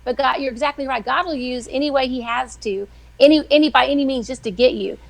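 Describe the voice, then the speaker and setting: Quick, chatty middle-aged woman storyteller. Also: sits high, vocal fry. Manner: chatty, animated, acts out quoted voices. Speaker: weekly guest, devotional writer. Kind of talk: casual faith storytelling on a live show.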